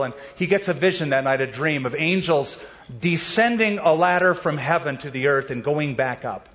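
A man preaching a sermon in a lively, casual way, mixing slang with scripture and acting out the voices in the stories with sudden leaps in pitch. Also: highs cut off. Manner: animated preaching, acting out quoted voices with big pitch jumps. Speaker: pastor.

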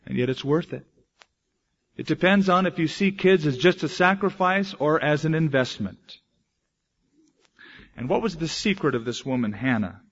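A male pastor preaching a sermon, moving between loud, emphatic declarations and quiet, hushed asides. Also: fairly high pitch, expressive, moderate pace, long pauses, muffled recording.

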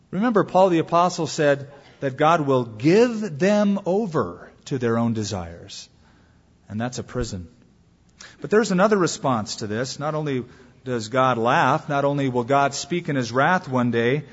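A man delivers a sermon in a somewhat high, husky voice, pressing hard on key words and then sinking into quiet, low asides. The sound carries a long reverb from a large hall. The recording itself is dull and lo-fi. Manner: earnest preaching with wide swings in pitch and volume. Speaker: pastor.

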